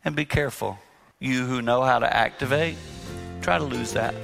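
A man preaching about marriage to a live room, his voice forceful and bright. He speaks emphatically and sinks to a soft, hushed tone whenever he quotes his own words. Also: medium pitch, brisk, gravelly, long reverb tail, soft background music. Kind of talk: live talk to an audience. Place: hall with audience.

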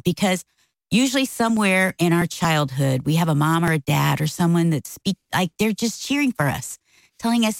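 Animated storytelling woman, wide-ranging voice. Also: moderate pace, vocal fry, no room sound, poor audio. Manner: animated, acts out quotes with big pitch jumps. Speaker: co-host. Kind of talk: casual storytelling chat.

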